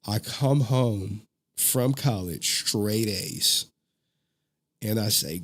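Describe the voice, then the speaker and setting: A man in his thirties hosting a casual online commentary, animated and slangy, swearing and laughing often. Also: lowish voice, very slow.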